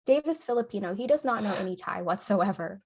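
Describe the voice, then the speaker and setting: A woman's voice: mid-range voice, lively intonation, brisk, vocal fry, darkish tone, husky. A young adult woman co-hosting a podcast in casual chat, laughing often and tagging her points with "right?" and "okay?". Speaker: podcast co-host.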